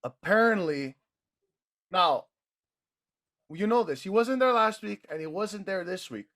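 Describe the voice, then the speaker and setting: Young male podcast co-host, high gravelly voice, jokey and profane. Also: lively intonation, a little slow, a bit bright. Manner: joking, swears freely, talks over others. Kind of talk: casual wrestling podcast chat.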